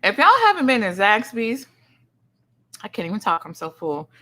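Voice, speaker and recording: A middle-aged woman hosting a livestream in casual chat, effusively greeting each viewer with loud, high greetings and calling people honey and sugar. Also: sing-song, normal speed. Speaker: livestream host. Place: son's home streaming setup.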